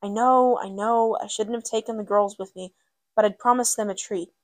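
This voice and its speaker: A woman's voice: medium pitch, steady tone, moderate pace, no echo, close to an everyday voice. A woman reading as a weary, grieving aunt. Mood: distressed.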